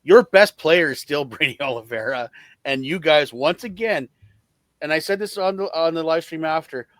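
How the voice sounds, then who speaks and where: A man co-hosting a podcast, chatting casually about football. He sounds animated and exasperated and laughs easily. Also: a little high, moderate pace, no echo. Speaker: podcast co-host. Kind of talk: casual sports chat.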